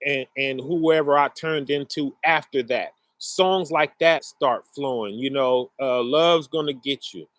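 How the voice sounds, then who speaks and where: A middle-aged man telling a personal story in a casual, earnest way, often checking in with the listener, his pace swinging between rushed and slow. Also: medium pitch, a bit bright, no echo. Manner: conversational, often checks in with "right?" and "you know".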